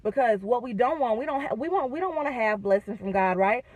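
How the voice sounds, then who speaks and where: A woman talking in a casual faith vlog from her car, animated and chatty with self-deprecating humor. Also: a little high, brisk, no echo, poor audio. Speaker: vlogger.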